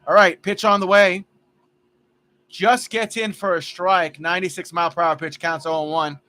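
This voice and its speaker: Bright-voiced fan calling a ballgame. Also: male voice, steady tone, normal speed. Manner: chatty, jokey, drifts into stories between pitches. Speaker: fan livestream commentator. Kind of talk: casual play-by-play commentary.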